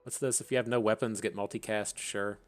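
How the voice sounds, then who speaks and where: A man's voice: on the low side, steady tone, a little fast. A man hosting his gaming channel, thinking aloud in chatty, casual commentary and laughing at his own tangents.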